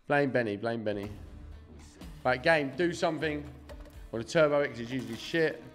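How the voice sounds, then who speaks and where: A man's voice: medium pitch, normal speed, faint music behind. A young man doing casual live-stream commentary, swearing freely and chatting to his viewers. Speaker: slot streamer.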